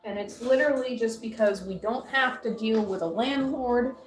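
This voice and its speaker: A woman's voice: on the high side, moderate pace, music in the background. A woman in her thirties chatting casually while crafting on a stream, rambling and laughing often.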